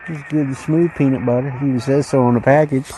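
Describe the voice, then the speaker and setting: A man hosting a casual unboxing video, musing aloud in a slow, rambling way as he goes through a ration pack. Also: medium pitch, steady tone, warm tone, slight background noise, poor audio. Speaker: channel host reviewing ration packs.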